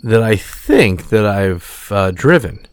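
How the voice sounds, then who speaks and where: A man co-hosting a podcast, chatting casually and rambling through a story. He swears freely and restarts often. The voice is lowish and dry, with no room sound. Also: big pitch swings, takes it slowly, clean tone, dry recording. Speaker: podcast co-host. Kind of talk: casual chat.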